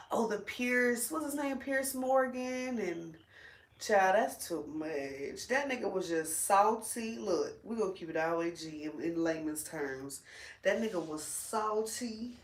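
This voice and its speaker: Blunt, profane woman chatting in an echoey room. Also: mid-range voice. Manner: animated, blunt and profane, lots of slang. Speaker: vlogger. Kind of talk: casual chat while braiding hair.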